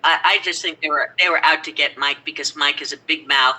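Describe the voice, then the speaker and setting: Older actress, chatty anecdote-teller, bright cutting voice. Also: female voice, deep voice, fairly quick, rough recording. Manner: rambling animated storytelling. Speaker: actress guest. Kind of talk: casual reminiscing.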